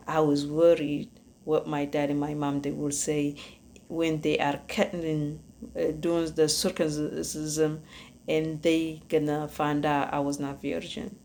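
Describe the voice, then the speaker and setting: A woman with an Ethiopian accent, a podcast host giving earnest personal testimony, halting and searching for words. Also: low-pitched, a little mellow, slight background noise.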